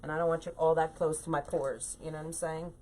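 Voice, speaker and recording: This woman's voice is deep and dark, with a steady tone and a quick pace. She's a craft host teaching wreath making in a live tutorial, chatting and chuckling at herself as she reads viewer comments at her home craft table.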